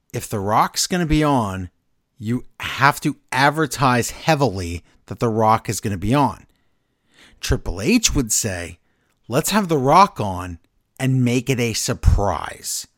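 A man's voice: medium pitch, no echo, studio quality. A man co-hosting a casual wrestling podcast, eagerly retelling scenes and acting out quotes. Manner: excitable storyteller, recaps scenes and acts out quotes. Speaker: podcast co-host.

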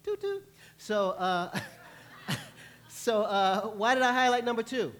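Man, pastor, sermon, high-pitched, animated storytelling, playful. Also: takes it slowly. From New York. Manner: animated storytelling, acts out panicked voices. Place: church.

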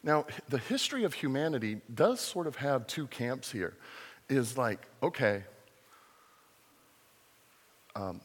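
A man preaching a sermon as a pastor, lively and joking, with acted-out quotes. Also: mid-range voice, normal speed, breathy edge, in a large hall.

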